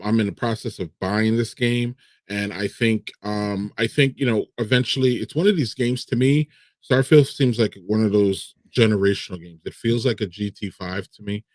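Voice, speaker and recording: A man in a relaxed podcast chat, easygoing and dotting his talk with ums. His voice sits close and dry, with no echo. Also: fairly low pitch. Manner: easygoing, filler-heavy. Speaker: podcast co-host. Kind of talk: casual chat.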